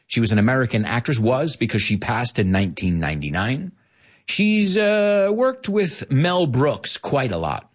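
At a normal pace and with a sing-song, medium-pitched voice, a middle-aged man hosts an easygoing radio-style program. He explains English vocabulary with Spanish glosses, playing around and laughing often.

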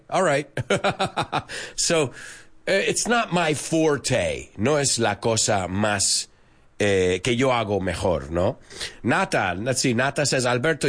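A man's voice: medium pitch, a bit bright. A man teaching English to Spanish speakers in a casual, chatty way, laughing often and switching into Spanish. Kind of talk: casual online lesson.

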